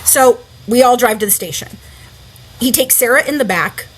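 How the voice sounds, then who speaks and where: A woman, an interview guest, telling a story in casual, animated talk full of "like" fillers. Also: on the high side, normal speed, low-quality recording.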